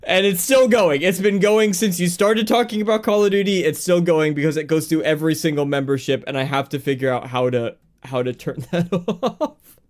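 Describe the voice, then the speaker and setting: A man's voice: fairly high pitch, a little fast, hardly any pauses. A man hosting a live-streamed gaming news chat, talking casually, laughing easily and reading chat messages aloud. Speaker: stream host.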